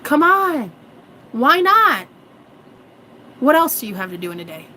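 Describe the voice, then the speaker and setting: Sassy woman coach in her 30s, fairly high voice, preachy and profane. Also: very animated, a little slow, pushed and bright, slight background noise, low-quality recording. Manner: sassy and preachy, calls viewers girl and honey; swears freely. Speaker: manifestation coach. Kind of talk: casual vlog monologue.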